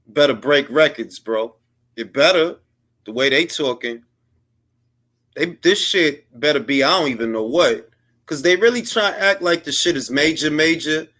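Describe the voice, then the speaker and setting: A man's voice: fairly high pitch, a bit bright. A man giving blunt, heated boxing commentary on his own, in slangy casual speech, mocking others in put-on quotes. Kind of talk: opinionated solo commentary.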